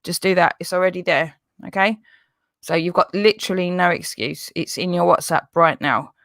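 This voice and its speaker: A woman's voice: fairly low pitch, normal speed, creaky, fairly bright tone, no room sound, studio quality. A woman hosting a live stream, talking insistently and with exasperation. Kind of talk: heated live stream confrontation.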